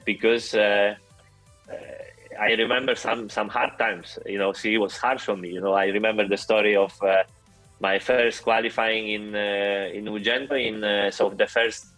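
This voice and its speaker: Brief: Polish-accented male guest, low voice, halting with fillers, faint music under. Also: sharp tone, rough recording. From Poland. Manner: halting, many fillers and restarts. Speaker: interview guest. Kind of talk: casual storytelling interview.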